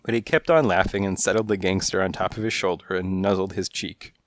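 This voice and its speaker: A man narrating a first-person noir detective storybook in a hardboiled, measured storytelling manner, on a close mic. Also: low-pitched, fairly even intonation, dry recording. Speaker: audiobook narrator.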